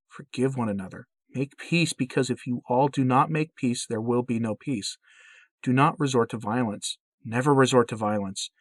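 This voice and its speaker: Gentle heavenly mother figure, read by a man, calm, pleading, dry recording. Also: medium pitch, dry recording, lightly acted.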